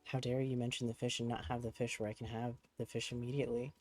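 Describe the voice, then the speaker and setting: A spoiled house cat with a slow, haughty drawl, put out at being denied a treat, as a streamer voices it. The voice is soft and mellow, with faint music behind it. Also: mid-range voice, flat delivery, lightly acted. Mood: indignant. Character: indignant pet cat demanding a treat.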